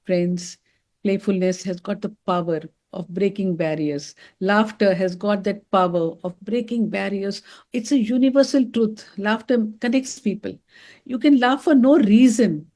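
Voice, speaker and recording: A middle-aged female doctor, her mid-range voice a little slow, gives a motivational talk on wellness. She fills it with animated stories and keeps calling her listeners friends.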